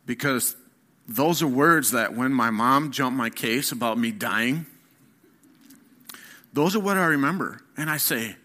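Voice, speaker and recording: A middle-aged man giving an earnest personal testimony as a sermon, telling his story haltingly with fillers and restarts. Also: medium pitch, lively intonation, bright, forceful tone. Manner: earnest, candid. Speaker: guest speaker.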